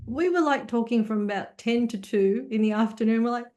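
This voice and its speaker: Woman guest, lively storyteller, laughs a lot, voice a bit high, easy chat. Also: a little fast, hardly any pauses. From Australia. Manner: animated storyteller, laughs often. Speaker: podcast guest. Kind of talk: casual chat.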